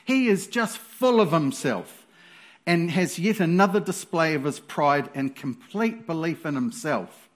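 A male preacher with a high voice delivers a sermon at a slow, unhurried pace. His manner is animated and playful, and he breaks into sudden loud exclamations.

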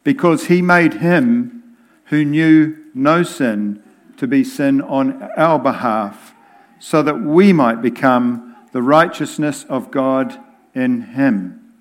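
Slow, deliberate male preacher. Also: mid-range voice. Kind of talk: sermon.

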